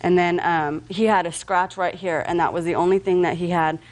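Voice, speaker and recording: A woman's voice: fairly low pitch, brisk, a little mellow. A woman defendant testifying in a television courtroom, answering defensively and hesitantly.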